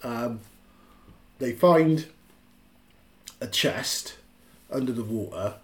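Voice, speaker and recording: A man co-hosting a casual podcast, lively as he argues over plot points of a film. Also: medium pitch, very slow. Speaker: podcast co-host.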